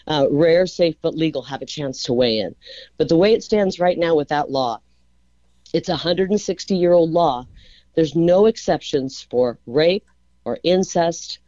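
A woman's voice: sits low, mellow. Woman explaining over a dull phone line. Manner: fluent, measured explanation with restarts. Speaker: political candidate calling in as guest. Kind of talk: phone-in radio interview. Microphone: telephone.

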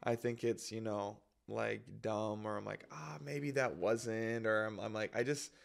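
A man's voice: lowish voice, monotone, moderate pace, gravelly. A young man telling a personal story in a rambling, self-conscious way, full of fillers and little acted quotes. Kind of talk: casual storytelling.

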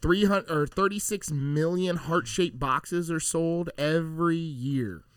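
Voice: mid-range voice, slow pace, smooth, no echo, clean studio sound. A podcast co-host in casual chat, joking, laughing often and sharing trivia.

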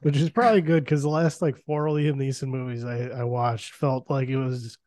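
A man hosting a podcast and cracking wry, deadpan jokes in casual chat. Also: medium pitch, normal speed, dry recording, studio quality. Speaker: podcast host.

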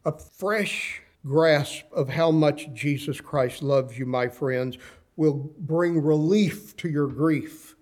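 A man in his sixties, a pastor preaching a sermon with slow, impassioned delivery and dramatic pauses, reading scripture in old-fashioned wording. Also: on the high side, darkish tone.

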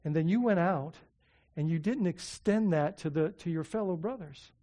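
A man voicing a stern male king who rebukes an unforgiving servant, spoken low and quietly as part of a sermon. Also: normal speed, lightly acted.

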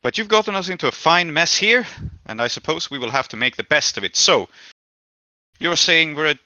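A proud, steely mother, put on by a man, speaks in a clipped and disapproving way. The tone is sharp and bright. The recording sounds dull and dry, as if from a lo-fi home mic. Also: mid-range voice, expressive, unhurried, no room sound, full character voice. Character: stern middle-aged mother, steely and proud.

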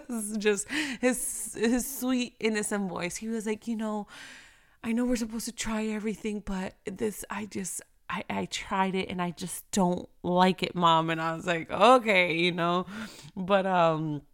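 A woman's voice: lowish voice, smooth. A woman in her thirties hosting her own podcast from home, chatting in a bubbly, rambling way. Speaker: podcast host. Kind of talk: casual chat.

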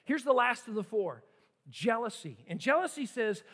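A man's voice: extremely high pitch, big pitch swings, moderate pace, fairly bright tone, long reverb tail. A man preaching a sermon with emphatic repetitions and rhetorical questions, as a pastor.

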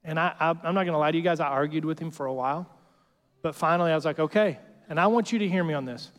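This male pastor talks fast in a voice on the high side, giving a conversational, joking sermon. "Right?" comes up often as he checks in with the congregation. The recording carries a long hall reverb.

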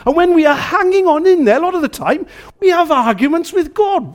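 An animated male preacher delivering a sermon in a church. His voice sits high and leaps around with great liveliness. He turns to the congregation with questions, then swings from shouting down to near hush. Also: brisk. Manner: animated, swings between shouting and hushed tones; chatty with the congregation, asks them questions. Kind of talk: sermon with storytelling.

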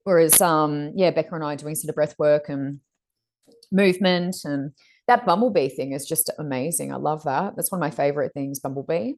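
A woman's voice: sits low, brisk, a little mellow. A woman, co-hosting a casual chat and talking in long rambling runs with fillers. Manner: rambling, chatty, many fillers. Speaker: podcast co-host.

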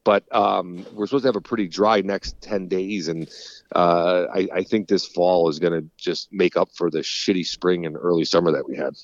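A man, a fishing guide, talking in a rambling, relaxed way on a casual phone interview, swearing now and then. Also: low voice, moderate pace, no room sound, muffled recording. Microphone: phone call.

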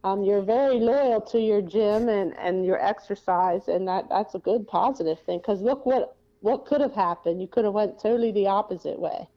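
A woman's voice: medium pitch, moderate pace. A woman hosting a podcast, speaking candidly and encouragingly, with blunt language at times. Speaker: podcast host. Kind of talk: casual conversation. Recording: dull lo-fi sound.

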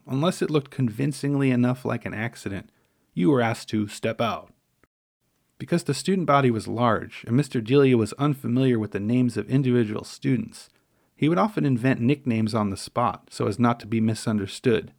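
A middle-aged man narrating a memoir story in a wry, measured, dryly humorous way. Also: mid-range voice, creaky, a little mellow, no echo, studio quality.

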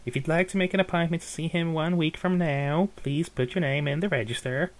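A man's voice: on the high side, steady tone, fairly quick, lightly acted. A man voicing a hassled, bored elf receptionist woman who talks curtly and dismissively. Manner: curt, dismissive, mock-polite.

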